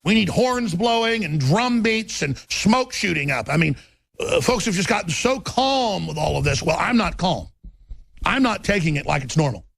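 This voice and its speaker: A man's voice: high voice, animated, normal speed, vocal fry, fairly bright tone, a little hiss or hum. A middle-aged man hosting a talk show, ranting in heated political commentary with intense repetition.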